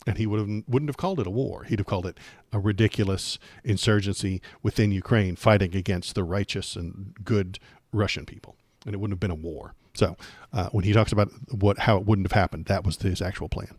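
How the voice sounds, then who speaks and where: A man's voice: fairly low pitch, fairly even intonation, a little fast, few pauses, a little mellow, no room sound, studio quality. A man hosting a political livestream, talking casually with a sarcastic, rambling, jokey manner.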